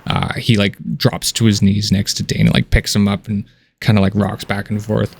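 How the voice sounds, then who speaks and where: A man's voice: lowish voice, level tone, moderate pace, vocal fry, slightly rough. A man narrating a tabletop game as game master, casual and descriptive with many fillers.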